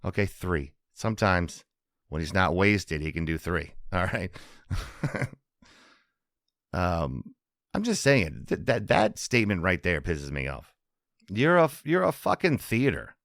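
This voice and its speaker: A man's voice: deep voice, big pitch swings, unhurried, gravelly, pauses often, a bit bright, no echo, clean studio sound. A man hosting a casual comedy podcast monologue, rambling, restarting sentences and laughing at his own jokes. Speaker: podcast host.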